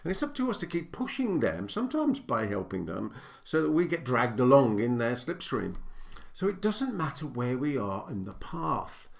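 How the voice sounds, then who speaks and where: A man's voice: mid-range voice, huge pitch swings, moderate pace, vocal fry. An older man, a business coach, giving a direct-to-camera teaching talk, stressing his points and building them in repeated lists.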